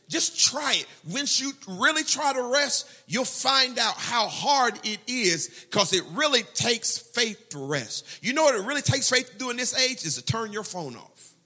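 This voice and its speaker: A man preaching a sermon as pastor, animated, quoting prayers and scripture. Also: very high-pitched, unhurried, husky.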